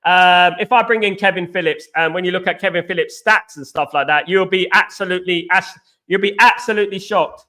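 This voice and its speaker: Chatty young man, bright voice. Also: high-pitched, a little fast. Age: young adult. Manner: chatty, repeats phrases, greets viewers by name. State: voice going hoarse. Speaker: host of a football live stream. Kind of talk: casual live-stream chat, reading viewer comments.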